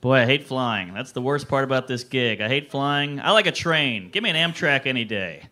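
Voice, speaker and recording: A man performing a stand-up comedy set, with punchy joke delivery that jumps into high-pitched character voices. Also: expressive, moderate pace, pushed and bright.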